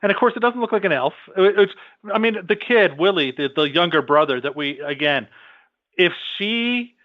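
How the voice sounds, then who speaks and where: A man's voice: sits high, lively intonation, moderate pace, dry recording. A man co-hosting a podcast, rambling as he retells film scenes in casual chat. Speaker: podcast co-host. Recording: dull, dry lo-fi podcast mic.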